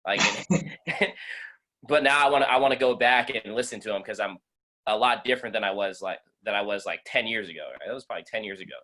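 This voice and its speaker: A man co-hosting a casual podcast, telling a story in a relaxed, halting way with fillers. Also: on the low side. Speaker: podcast co-host.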